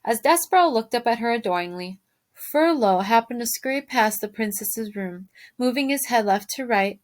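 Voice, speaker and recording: Woman teacher reading a story aloud. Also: fairly high pitch. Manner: expressive, stops to ask the listeners questions.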